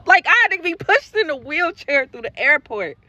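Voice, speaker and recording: Woman vlogger spilling a storytime, bright voice, cussing and animated. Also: sits high, normal speed, no room sound, lo-fi sound. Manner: blunt, profane, animated storytelling. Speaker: content creator. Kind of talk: storytime vlog.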